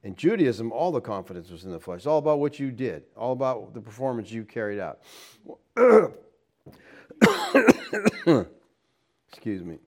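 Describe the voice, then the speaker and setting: A man's voice: medium pitch, big pitch swings, a little slow, pauses often. A man giving a verse-by-verse Bible teaching, explaining with rhetorical questions and stressing key points.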